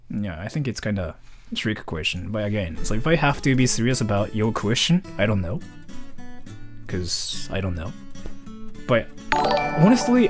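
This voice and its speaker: Lively Japanese-accented young man streaming. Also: on the low side. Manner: animated, peppers speech with "freaking", acts out imagined exchanges. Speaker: streamer answering donation questions. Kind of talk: casual live-stream chat.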